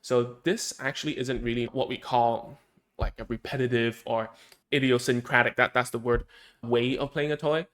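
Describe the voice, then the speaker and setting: A man's voice: medium pitch, steady tone, normal speed, fairly bright tone. A man, a speech therapist, explaining in a casual, conversational way, thinking aloud and often checking in with "right?" and "okay?".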